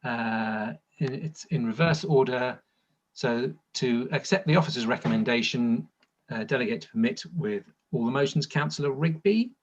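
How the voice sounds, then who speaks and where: A man chairs a council planning meeting over a video call, calling names and moving business along briskly between hesitant fillers. His voice comes through slightly dull and muffled. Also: mid-range voice. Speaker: committee chair.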